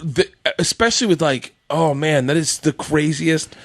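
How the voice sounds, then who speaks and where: A man guesting on a podcast in casual chat, animated and laughing often as he jumps into comic bits. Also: on the high side, moderate pace, no room sound.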